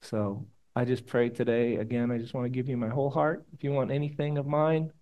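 Male pastor preaching, gets loud then goes quiet and prayerful, passionate. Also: medium pitch, fairly even intonation, fairly quick. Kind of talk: sermon. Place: church room with congregation.

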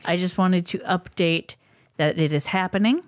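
A woman's voice: fairly low pitch, normal speed, no room sound. Wry, chatty woman podcaster, dry sound. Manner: chatty, wry, matter-of-fact. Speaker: podcast co-host. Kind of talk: casual chat.

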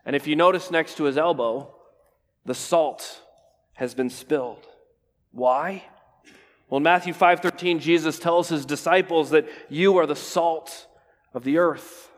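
A man preaching a sermon, pausing for effect and dropping to a near whisper on key words, often asking "right?". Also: fairly high pitch. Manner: preaching with restarts and rhetorical "right?". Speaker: pastor. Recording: long hall reverb.

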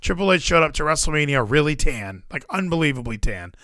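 A man in his thirties co-hosting a casual wrestling podcast, excitable and given to acting out commentators and wrestlers. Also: on the high side, quick pace, no echo, clean studio sound. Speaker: podcast co-host.

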